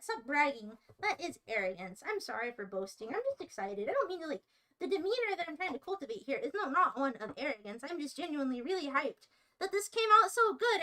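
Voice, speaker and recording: A woman streaming live while she cooks, gushing and excitable, chatting with her viewers. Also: high voice. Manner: bubbly, gushing, excitable, talks to chat. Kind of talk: casual live-stream chat while cooking.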